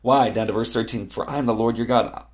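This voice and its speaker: A man's voice: mid-range voice, fairly even intonation, a little fast. A middle-aged man preaching a sermon as a pastor, reading scripture and explaining it in an earnest, conversational way, repeating key phrases for emphasis.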